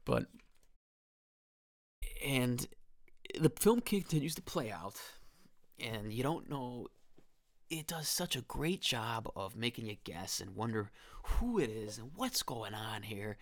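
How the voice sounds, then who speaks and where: A man's voice: medium pitch, sing-song, slow pace, long pauses, dry recording, studio quality. A man in his twenties hosting a podcast, talking through a horror film in a rambling, enthusiastic way. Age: 20s. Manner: enthusiastic, rambling, with restarts and quoted lines. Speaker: podcast host. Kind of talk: casual film commentary podcast.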